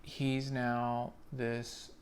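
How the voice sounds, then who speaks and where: A man's voice: mid-range voice, completely flat delivery, drawn-out words, a little hiss or hum. A man enthusiastically retelling a comic book story in casual, slangy commentary with frequent swearing. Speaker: comics reviewer.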